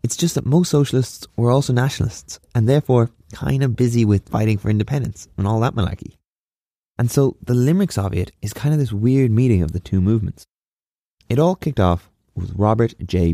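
A man's voice: medium pitch, a little fast, vocal fry, warm tone, dry recording, clean studio sound. Wry man telling history. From Ireland. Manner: casual and wry, with sarcastic asides. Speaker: history podcast host. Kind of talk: scripted history narration.

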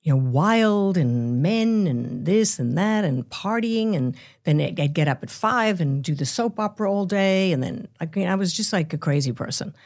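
A woman's voice: on the low side, lively intonation, moderate pace, hardly any pauses, a little mellow. Candid older woman telling her story. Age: 70s. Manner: candid, rambling storytelling with laughs. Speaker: guest. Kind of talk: casual interview.

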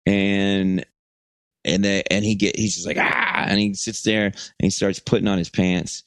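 A man's voice: low-pitched, flat delivery, normal speed, clear, resonant tone, no room sound. A man from Texas co-hosting a podcast, telling a rambling, profane anecdote and acting out quotes in a casual chat. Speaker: podcast co-host.

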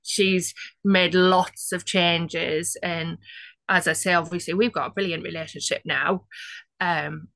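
A woman's voice: on the low side, steady tone, a little slow, gravelly, a bit bright, dry recording. Chatty woman, dry close sound. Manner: chatty, with laughs and quoted asides. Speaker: interview guest. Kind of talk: casual personal storytelling.

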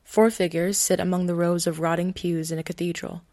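Low, even-voiced woman reading a story. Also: fairly quick, no echo, clean studio sound. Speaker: podcast host and reader. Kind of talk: reading her own short story aloud.

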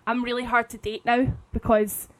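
Thirty-something woman w a slight lisp, chatty podcast storyteller, kinda high voice. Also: little pitch movement, moderate pace, poor audio. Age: 30s. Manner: chatty storyteller, many restarts and laughs. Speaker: podcast co-host. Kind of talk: casual chat.

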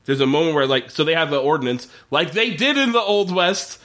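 A man's voice: on the high side, brisk. Chatty man recapping a TV episode. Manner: animated, profane, lots of fillers. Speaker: podcast co-host. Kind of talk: casual chat recapping a TV episode.

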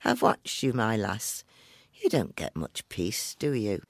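A man's voice: fairly low pitch, wildly swooping pitch, slow, vocal fry, dry recording, clean studio sound, exaggerated voice. A man doing a sly old countrywoman. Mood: coaxing. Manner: coaxing, knowing, half-whispered asides. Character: sly old countrywoman offering a strange gift.

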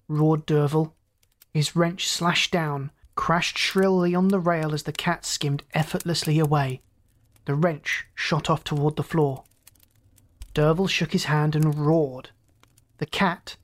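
A host narrating an old science fiction story as a calm, inviting storyteller, in a scripted audiobook reading. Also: medium pitch.

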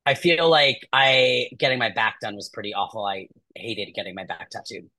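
A man's voice: lowish voice, normal speed, sharp tone, no room sound. A man co-hosting a podcast in casual chat, blunt and swearing, often trailing off mid-thought. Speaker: podcast co-host.

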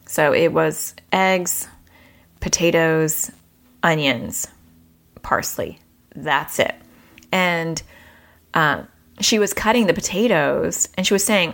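A woman's voice: sits low, expressive, slow, gravelly, long pauses, fairly bright tone. A woman in her forties hosting a podcast, telling a family story in a chatty, self-deprecating way. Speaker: podcast host. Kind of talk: casual podcast monologue.

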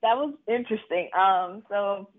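Woman on a tinny remote call. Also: normal speed. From Mississippi, USA. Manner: animated, laughs often, acts out quotes in a higher voice. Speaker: author being interviewed. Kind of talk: casual storytelling interview. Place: at home. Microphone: video call. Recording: tinny video-call audio.

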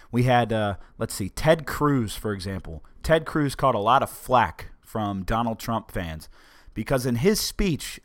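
A man with a lowish voice tells a story in a casual, joking way, punching up the quotes with big leaps in pitch. The sound is close and dry, with no room around it. He keeps a wry tone throughout. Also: no echo. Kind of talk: casual storytelling and political commentary.

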